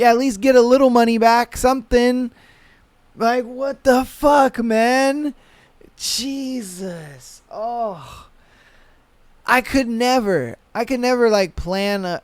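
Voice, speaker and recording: Exasperated young man, podcast host, high voice, smooth, cursing, casual rant. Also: slow pace, dry recording. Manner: exasperated, profane, animated.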